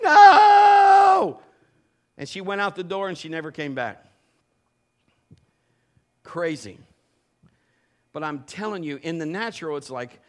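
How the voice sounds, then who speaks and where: A male pastor delivers a sermon in a voice pitched a little high. His delivery is animated: it swings from loud, emphatic bursts to low, intimate asides.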